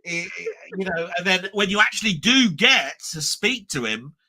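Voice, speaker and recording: Male streamer host, rambling and jokey, sharp bright tone, slightly high. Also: big pitch swings, moderate pace. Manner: rambling, repeats words, jokey. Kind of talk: casual live stream chat.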